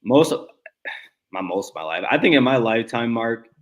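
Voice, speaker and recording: A man's voice: medium pitch, expressive, moderate pace, highs cut off. A man in his thirties talking sports casually, with many stuttered restarts. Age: 30s.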